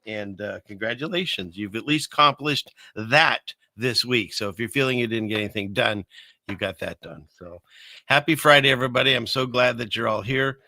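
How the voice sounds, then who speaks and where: Older man with a gravelly, bright voice. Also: medium pitch, moderate pace, no echo. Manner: rambling, self-mocking, lots of fillers and restarts. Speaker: live stream host. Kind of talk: casual live stream chat. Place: small upstairs room above a fireplace.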